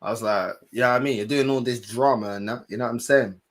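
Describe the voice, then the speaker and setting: A young man, a streamer telling a story in an animated, slangy way and swearing now and then. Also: mid-range voice, a little fast. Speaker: streamer and fan channel host. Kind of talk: casual storytelling chat.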